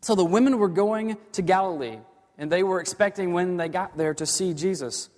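A man preaching a sermon as a pastor, earnest, moving from hushed lines to emphatic ones. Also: high voice, moderate pace. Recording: long hall reverb.

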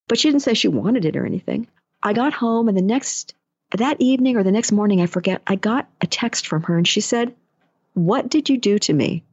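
This chatty storyteller, an energy healer and life coach, imitates the people she quotes during a relaxed monologue. Her tone is darkish at a medium pitch, and the lo-fi, dull audio carries no echo from the room.

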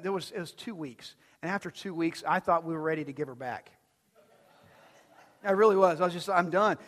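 A man with a high voice preaches a sermon, telling stories in a loose, conversational way and asking his listeners questions along the way. His words ring out with a long reverb, as in a church sanctuary. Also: a bit bright. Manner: conversational storytelling, asks the crowd questions. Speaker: pastor.

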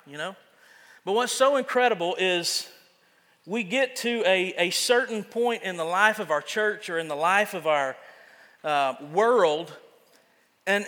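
A man's voice: high-pitched, bright, forceful tone, long reverb tail. A man preaching a sermon as pastor, casual and self-deprecating, often restarting his sentences.

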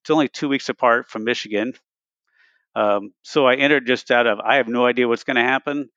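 A man's voice: mid-range voice, a little fast, no echo. Guy in his 60s telling triathlon war stories, dry muffled call audio. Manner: animated, retells races with quoted self-talk. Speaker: podcast guest. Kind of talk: casual storytelling.

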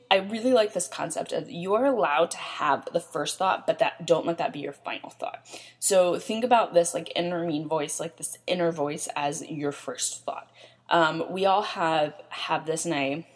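A young woman hosts a casual self-help podcast. Her voice sits a little low, and she talks in a loose, chatty way. She leans on fillers and keeps checking in with "right?". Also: breathy edge. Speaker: podcast host.

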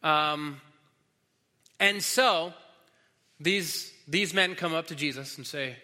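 A man's voice: on the high side, slow, long pauses, pushed and bright. A man preaching a sermon as pastor, teaching in a casual way full of fillers and restarts, in a large hall. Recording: long hall reverb.

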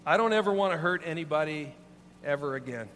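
A man's voice: a little high, expressive, brisk, a bit bright. A man voicing an angry young male prisoner who speaks in curt, guarded replies. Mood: pleading. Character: angry young male death-row inmate. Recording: long hall reverb, faint hum.

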